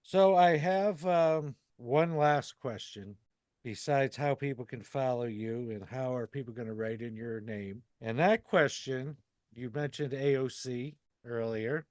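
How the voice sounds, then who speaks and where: A man hosting a podcast, asking interview questions slowly and deliberately, with frequent fillers. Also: mid-range voice, darkish tone, no echo. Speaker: podcast host.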